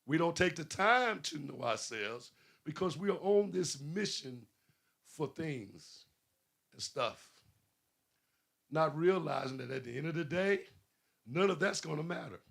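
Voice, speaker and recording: A man's voice: a little high, vocal fry, fairly bright tone, slightly rough. A man preaching a sermon, questioning his listeners and building emphasis. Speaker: pastor.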